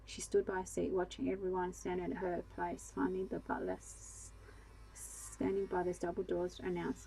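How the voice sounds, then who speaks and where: A woman reads a bedtime story in a calm, steady voice. Her tone is low and dark, with a gravelly, husky texture and a flat, even melody. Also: moderate pace, a little hiss or hum, rough recording. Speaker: narrator.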